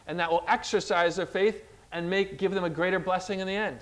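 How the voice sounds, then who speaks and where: A man preaching a sermon as pastor, animated, asking the congregation questions and swinging in pitch and loudness. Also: fairly quick.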